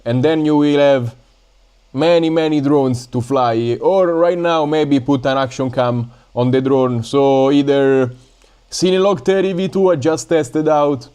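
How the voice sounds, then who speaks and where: A man from Italy with an Italian accent, chatting casually and haltingly on a live stream while building drones, with many fillers and stops. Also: medium pitch, mellow, smooth. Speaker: drone hobby livestreamer.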